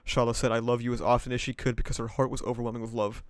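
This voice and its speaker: A man's voice: mid-range voice, little pitch movement, very fast, no echo. A man streaming himself reading a novel aloud, breaking off into casual, profane asides and laughter.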